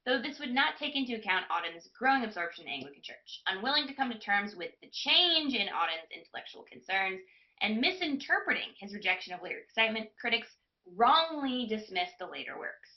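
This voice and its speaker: A woman's voice: medium pitch, big pitch swings, fairly quick, muffled recording. A woman tutor reading a passage aloud in a live online class and stopping to put questions to her students. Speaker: test prep tutor.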